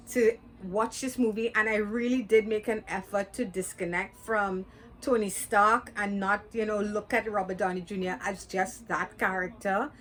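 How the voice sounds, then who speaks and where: A woman's voice: mid-range voice, a bit bright. A woman giving a casual, chatty movie review, talking candidly with frequent fillers and restarts.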